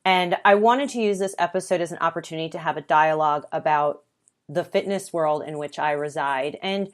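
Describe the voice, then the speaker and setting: A woman's voice: low-pitched, brisk. A woman hosting her own podcast, talking earnestly and conversationally, with lists and the occasional filler. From United States. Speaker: podcast host. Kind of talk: solo podcast monologue.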